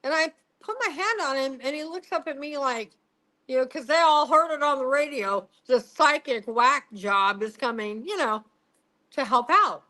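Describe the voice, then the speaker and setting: A woman's voice: sits high, expressive, moderate pace, bright, forceful tone, low-quality recording. A middle-aged woman, a psychic medium, telling a story in an interview, laughing, swearing and acting out what people said.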